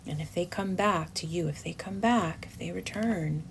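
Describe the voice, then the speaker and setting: A woman's voice: fairly low pitch, moderate pace. A woman giving a casual tarot reading to her viewers, chatty and emotive, often dropping to a near whisper. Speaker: tarot reader. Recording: steady background noise.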